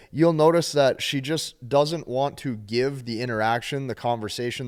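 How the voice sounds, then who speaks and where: A man giving dating advice straight to camera, emphatic and repetitive, often checking in with "okay?". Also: mid-range voice. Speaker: dating coach. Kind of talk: direct-to-camera advice talk.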